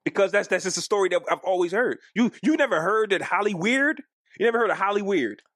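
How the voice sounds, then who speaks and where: A man co-hosting a podcast in casual chat, animated and arguing his point, acting out quoted lines. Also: sits high, quick pace, no room sound, clean studio sound. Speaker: podcast co-host.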